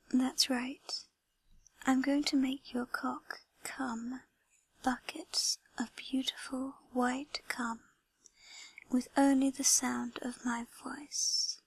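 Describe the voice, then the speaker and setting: Slow, breathy whispered role-play woman. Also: high-pitched, no echo. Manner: slow, teasing and commanding. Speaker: erotic audio performer.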